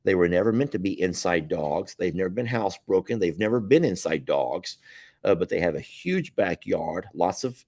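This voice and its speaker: Man, southern American accent, very low voice, dry close sound, folksy live-stream chat, rambling and chuckling. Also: lively intonation, moderate pace, darkish tone, no room sound.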